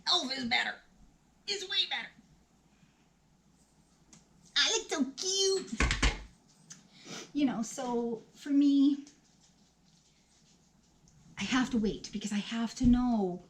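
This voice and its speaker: A woman in her fifties chatting through a makeup vlog at home, rambling and self-mocking with animated asides. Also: mid-range voice. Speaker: beauty vlogger. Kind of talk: chatty get-ready-with-me vlog.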